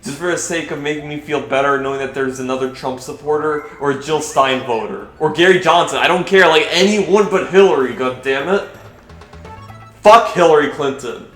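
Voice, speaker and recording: A man's voice: on the high side, fairly quick, hardly any pauses, a bit bright. Rambling young man over game music. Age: young adult. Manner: hesitant, full of restarts and fillers, swearing when irritated. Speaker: gaming vlogger. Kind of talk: rambling commentary over gameplay. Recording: roomy echo with faint game music.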